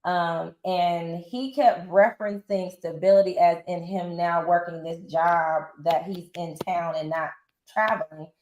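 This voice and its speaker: Her voice sits on the low side and moves a little slowly, heard in an echoey room on a rough recording. She's in her forties and appears as a guest on a reality show, telling her own story with blunt, casual slang. Animated and candid, she plays out other people's words as quotes.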